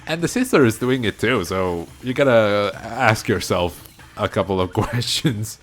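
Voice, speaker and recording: An animated man gives casual commentary on a game he is playing. His pitch jumps around a lot as he jokes and laughs. Quiet game music plays underneath. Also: measured pace. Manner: animated, joking, laughs often. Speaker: let's play host.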